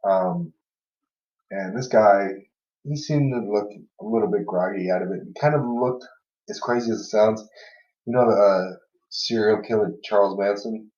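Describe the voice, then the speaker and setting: A man's voice: lowish voice, normal speed, darkish tone. Laid-back man telling work stories. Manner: laughs while telling stories, many "you know" and "everything else" fillers. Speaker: podcast host. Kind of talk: casual storytelling chat. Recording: echoey room, far from mic, dull lo-fi sound.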